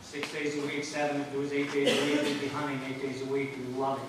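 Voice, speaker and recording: A man's voice: mid-range voice, level tone, quick pace. A former jockey giving a rambling, anecdotal memorial speech, laughing through his stories. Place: memorial service venue. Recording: echoey hall, mic from far off, noisy.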